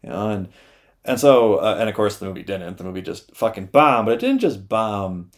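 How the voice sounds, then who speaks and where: A young adult man hosting a podcast, retelling a story casually in a loose, profane, animated way with lots of "uh". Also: lowish voice, a little fast.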